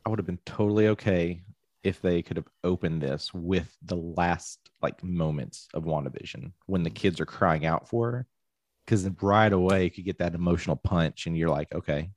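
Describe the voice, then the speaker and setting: A man's voice: low-pitched, moderate pace, no echo. A man hosting a casual movie discussion, eager as a fan and steering the talk to new topics. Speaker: podcast host.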